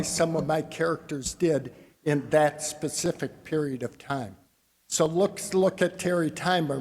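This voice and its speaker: A man giving a conference talk on grain marketing in a folksy, wry way, calling his audience "people.". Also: a little high. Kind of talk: conference presentation. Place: convention hall. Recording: long reverb of a large hall.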